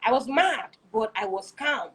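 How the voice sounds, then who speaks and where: A woman, a guest telling her own story in a casual interview, animated and acting out her past self. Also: a little high, measured pace, husky, rough recording. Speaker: guest, wife.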